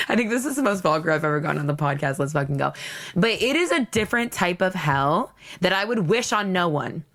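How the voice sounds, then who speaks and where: A woman's voice: lowish voice, expressive, fairly quick, fairly bright tone. A young woman hosting a podcast, telling a personal travel story in a blunt, theatrical, candid way with frequent laughs. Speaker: podcast host.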